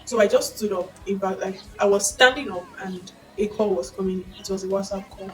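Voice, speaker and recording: Expressive Nigerian woman sharing a testimony. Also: mid-range voice, fairly quick, far from the mic, poor audio. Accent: Nigerian English. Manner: expressive storytelling, bursts of excited exclamation. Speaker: vlogger sharing a faith testimony. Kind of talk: casual personal testimony. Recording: mic set back with faint background music.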